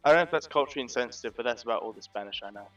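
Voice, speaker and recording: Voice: mid-range voice, lively intonation, very fast, a bit bright, distant mic, muffled recording, faint music behind. A player in an online game, chatting casually over voice chat, self-deprecating and jokey.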